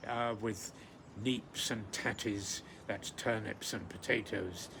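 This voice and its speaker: A man hosting a daily poetry reflection, reading verse aloud and chatting about it between readings with many ums and pauses. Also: on the low side, steady tone, vocal fry, noisy background. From British Isles. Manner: hesitant, many ums and pauses, warm enthusiasm for the poet.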